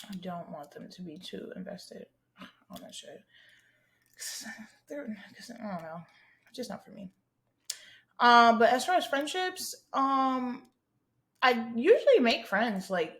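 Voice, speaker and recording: A woman's voice: a little high, lively intonation, takes it slowly, long pauses, a bit bright, a little hiss or hum. Young woman podcast host, blunt and slangy, swears a lot, just chatting through questions. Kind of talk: casual solo chat answering listener questions.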